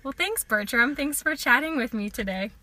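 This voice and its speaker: A woman's voice: high-pitched, animated, moderate pace, sharp tone. A woman interviewing a guest in a casual, upbeat way, asking curious questions.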